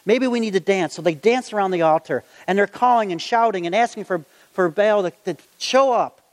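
A man preaching a sermon, reading Bible verses aloud and acting out the story in lively voices. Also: high-pitched, a little fast. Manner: animated, acts out the story in voices. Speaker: gospel magician preacher. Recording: long hall reverb.

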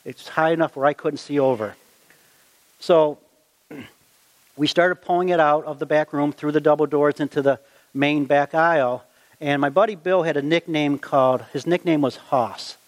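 A middle-aged man recounting a memory from his youth, folksy and lively, who slips into the voices of the people in his story. His voice sits a touch higher than most men's. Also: normal speed. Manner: animated, folksy storytelling with acted-out quotes. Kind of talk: personal anecdote, told aloud.

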